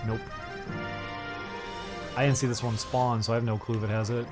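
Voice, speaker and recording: A man giving casual, laid-back commentary while streaming a video game, chatting easily and then breaking into loud, laughing outbursts. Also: medium pitch, flat delivery, moderate pace, over loud music.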